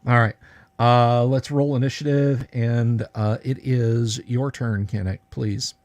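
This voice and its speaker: Man, game master, casual halting narration, online call, mid pitch. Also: steady tone, a little mellow. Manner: casual, halting, lots of filler words. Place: home, online stream. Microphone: video call.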